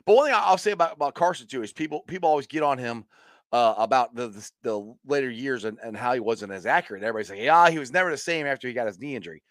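A man hosting a casual sports chat who tells stories with lively quoted voices and laughs. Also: rapid-fire, no room sound, studio quality. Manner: animated storyteller, acts out quotes with high squeals and laughs. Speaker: podcast host.

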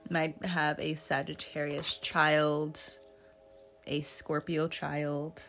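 A woman's voice: deep voice, level tone, drawn-out words, fairly bright tone, soft background music. A woman giving a casual tarot reading, chatty and joking, laughing often and swearing now and then. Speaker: tarot reader.

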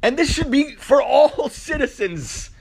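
A man's voice: extremely high pitch, lively intonation, measured pace, gravelly. A man in a heated, profane ranting monologue, firing off rhetorical questions. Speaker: vlogger.

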